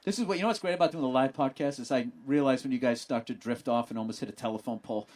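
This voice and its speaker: A man hosting a podcast, swearing constantly and bursting into excited yelling during a comedic rant about sports. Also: mid-range voice, rapid-fire, noisy background. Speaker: podcast host.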